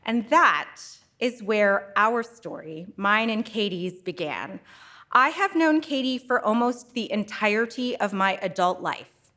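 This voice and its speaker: A woman introducing a guest speaker at a museum lecture, reading a warm, admiring introduction from notes at a lectern microphone. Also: medium pitch, animated, unhurried. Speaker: event host introducing a speaker. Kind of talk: prepared introduction speech. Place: museum auditorium.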